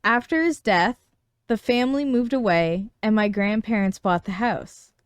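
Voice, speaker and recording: Casting: woman podcast host, smooth clear voice, dry close mic, casual storyteller. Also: mid-range voice, normal speed, no echo. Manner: storytelling with frequent laughs. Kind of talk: casual chat reading a listener story.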